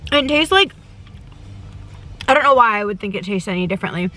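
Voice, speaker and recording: A young woman talks straight to her camera from the seat of a parked car, her voice bright and forward. She gushes freely, chatting between bites and often talking with her mouth full, in a relaxed, loose vlog style. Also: mid-range voice, brisk. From United States. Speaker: travel vlogger. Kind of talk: casual chat to camera while eating.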